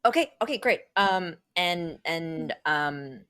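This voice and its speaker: A woman's voice: fairly low pitch, expressive, slow, a bit bright, smooth, no echo, clean studio sound. A woman playing a tabletop role-play game, hesitant with many fillers and stammers. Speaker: player.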